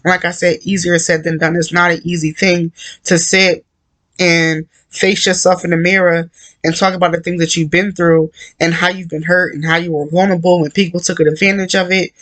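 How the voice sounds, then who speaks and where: Earnest man with a flat, higher voice. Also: fairly quick. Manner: earnest, repetitive, conversational with many "like" and "you know". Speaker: Christian encourager. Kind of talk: devotional talk to camera.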